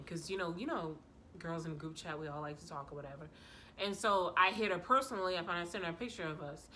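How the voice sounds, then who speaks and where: Female vlogger, sassy storyteller, lowish pitch, punchy tone. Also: moderate pace, slight background noise. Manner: animated, slangy, sassy storytelling. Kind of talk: casual storytime chat.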